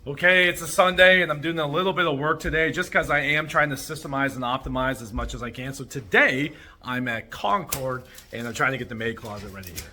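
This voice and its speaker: Male vlog host, casual and upbeat, thinks aloud to a handheld camera, mid-pitched, recorded indoors. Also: a little fast, hardly any pauses, sharp tone. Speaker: vlog host and short-term rental owner. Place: indoors in rental houses, moving around.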